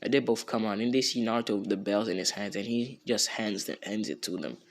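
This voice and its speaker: A man's voice: on the low side, brisk. A young man casually retelling a fan story off the cuff, rambling and slangy, with many fillers and restarts.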